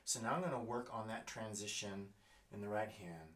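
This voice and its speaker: A man teaching double bass, thinking aloud in a halting way with fillers and scatting rhythms as he plays. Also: a bit bright. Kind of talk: music lesson, thinking aloud while playing. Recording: roomy, mic at a distance. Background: double bass playing.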